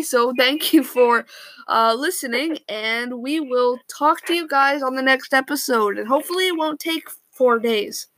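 Bright, high-voiced young woman. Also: no echo. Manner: giggly, halting, playful. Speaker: podcast co-host. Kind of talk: casual chat.

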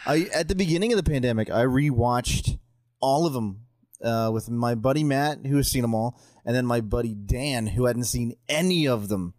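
A man's voice: medium pitch, moderate pace, a little mellow, no echo. A man talks casually on a podcast, rambling from one joke to the next and swearing offhandedly. His voice sits in a middle range. The recording is dry and close, with no room sound. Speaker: podcast guest. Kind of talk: casual chat.

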